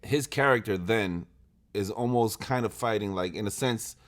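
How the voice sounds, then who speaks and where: A man with a lowish voice hosts a casual podcast. He talks loosely and profanely, with easy enthusiasm. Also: moderate pace. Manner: laid-back, profane, enthusiastic about movies. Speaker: podcast host.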